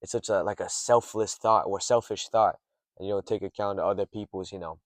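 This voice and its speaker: Low-voiced young man rambling in a car. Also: steady tone, a little fast, dry recording. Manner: rambling, swears often, drifts off topic. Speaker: streamer rambling to camera. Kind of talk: rambling late-night monologue. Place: parked car in a garage.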